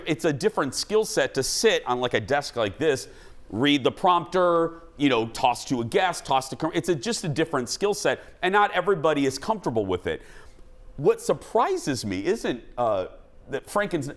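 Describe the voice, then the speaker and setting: A man hosting a talk show, chatting loosely about entertainment news with frequent restarts. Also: medium pitch. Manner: animated and rambling, with frequent restarts. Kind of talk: casual entertainment news chat.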